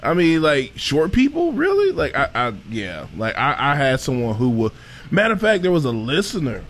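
Lively, animated male co-host. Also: medium pitch, normal speed. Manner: animated, expressive, quoting himself. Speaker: radio show co-host. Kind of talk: casual chat.

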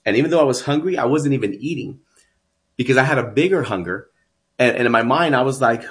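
A man's voice: mid-range voice, animated, brisk, a bit bright. A man from Texas telling his life story as a guest, earnest and emphatic. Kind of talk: personal storytelling.

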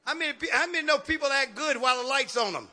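A man a sermon in a call-and-response style, building from talk to shouts. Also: very high-pitched, quick pace, some chatter behind. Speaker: preacher.

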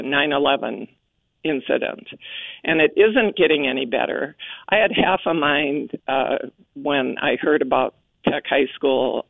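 A woman calling in to a talk radio show, speaking in an indignant, deliberate way. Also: low-pitched, vocal fry, no echo. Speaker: caller. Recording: phone line.

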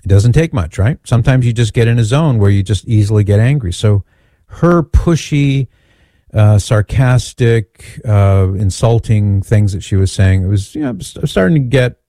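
A man's voice: medium pitch, mellow, dry recording, studio quality. A man speaking at a Christian event who tells a personal story in a conversational, candid way and pokes fun at himself. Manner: conversational, candid and self-deprecating. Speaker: Catholic speaker and author. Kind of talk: storytelling talk.

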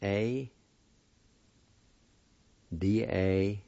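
A man giving a slow spelling and pronunciation lesson, spelling out letters and repeating syllables one by one. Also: on the low side, steady tone, creaky, mellow, dry recording. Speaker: language teacher. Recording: muffled lo-fi recording.

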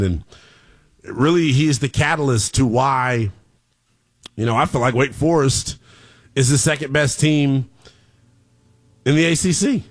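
A man hosting a college football talk show, brash and emphatic, repeating lines for punch. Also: mid-range voice. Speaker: sports show host.

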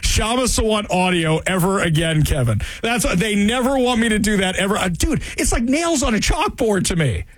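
A male talk radio host giving sarcastic, animated political commentary and hammering points home by repeating them. His voice runs high and swings widely in pitch. The sound is dry and close. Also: normal speed, few pauses, dry recording.

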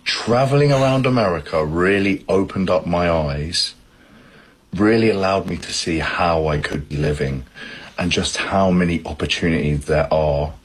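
A young British man with a husky voice, sharing an earnest personal video message. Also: sits low, normal speed. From United Kingdom. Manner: earnest and confessional, stretched-out emphatic phrasing.

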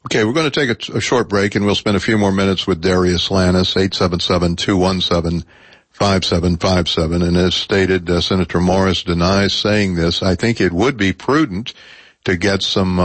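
A male talk radio host with a very low, deep voice. He reads statements and questions guests in a measured, halting way, with plenty of pauses. The sound is dry and close, with no room echo. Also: fairly even intonation. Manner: measured, hesitant with many uh fillers. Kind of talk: public radio call-in talk.

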